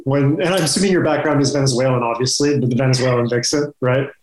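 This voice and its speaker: A man interviewing a fighter, relaxed and quick to laugh. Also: medium pitch, roomy sound, slight background noise, low-quality recording. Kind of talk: casual interview.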